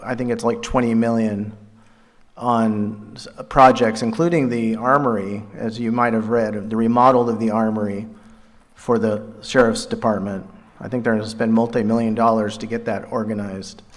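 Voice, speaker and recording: A man chairing a town meeting, speaking informally with many pauses and fillers. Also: on the low side, steady tone. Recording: reverberant hall.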